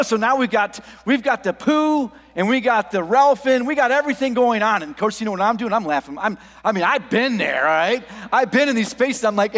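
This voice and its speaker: A middle-aged male pastor with a high voice gives an animated sermon. He drops to quiet, intimate asides, then rises to excited shouts as he tells a story. The sound carries a long hall reverb. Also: a little fast, hardly any pauses. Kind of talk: sermon with anecdote.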